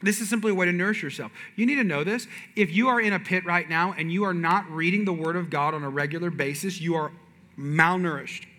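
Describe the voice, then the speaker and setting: A man preaching a sermon, animated and shifting from loud punches to hushed asides. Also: high voice, a little fast. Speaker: pastor. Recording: reverberant hall.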